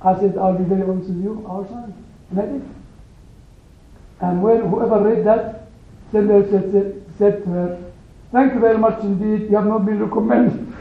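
Animated, emphatic man in an echoey room. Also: sits high. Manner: animated, emphatic, pauses to stress single words. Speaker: teacher leading a Bible study group. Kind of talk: storytelling to a small group. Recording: echoey room on a phone-like recording.

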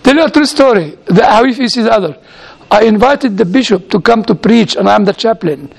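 High, gravelly man telling stories. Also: lively intonation, a little fast. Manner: humorous, chatty, acts out quoted dialogue. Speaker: theology lecturer and chaplain. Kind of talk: anecdotal storytelling talk.

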